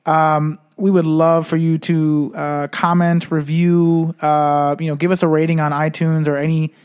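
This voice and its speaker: A man's voice: fairly high pitch, little pitch movement, a little slow, a little mellow, smooth. A man hosting a casual sports podcast, laid-back and full of filler words. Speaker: podcast host.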